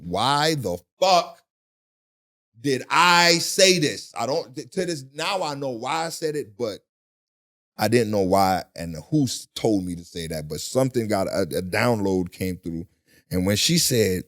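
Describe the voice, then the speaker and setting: A middle-aged male guest in a casual interview tells a story in animated, profane street talk, acting out the voices. He speaks in a mid-range voice at a normal pace.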